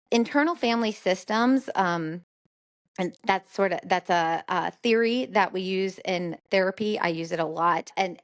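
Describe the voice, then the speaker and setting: A middle-aged woman hosting a solo podcast as a therapist, talking conversationally and explaining ideas through everyday examples. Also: lowish voice.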